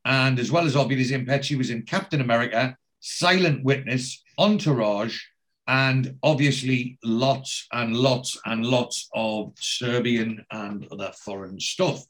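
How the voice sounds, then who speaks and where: A man chatting through a TV episode scene by scene as a podcast co-host. He rambles along loosely and keeps jumping into the characters' voices. His pitch sits in the middle range. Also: measured pace, fairly bright tone. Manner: rambling storyteller who acts out the characters. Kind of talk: casual recap of a TV show.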